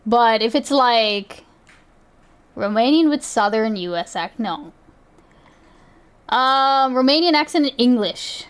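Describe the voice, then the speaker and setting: Slow-talking laughing woman streamer. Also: a little high, animated, clean tone. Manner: laughing, chatty, quick to react. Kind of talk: casual reaction commentary.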